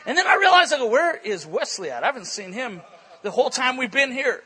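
A man preaching at a church conference, telling funny stories with lively acted-out quotes and frequent laughter. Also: very high-pitched, a little fast. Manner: animated storytelling, acts out quotes, laughs often. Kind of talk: energetic conference sermon with stories.

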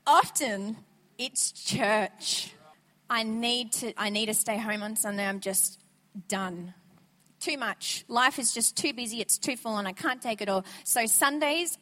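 Woman guest preacher, high voice, energetic conversational sermon, church reverb. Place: church sanctuary. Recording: church sanctuary with long reverb.

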